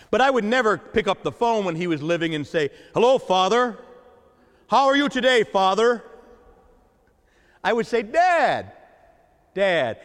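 Man preaching in a church, emphatic repeats, high and animated, echoing hall. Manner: preaching with dramatic pauses and emphatic repetition. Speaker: pastor. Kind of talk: sermon.

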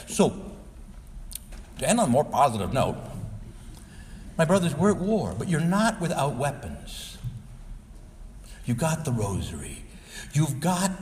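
A man's voice: medium pitch, darkish tone, long reverb tail, a little hiss or hum. A male Catholic priest preaching a sermon, earnest and exhorting, sometimes pleading with his listeners.

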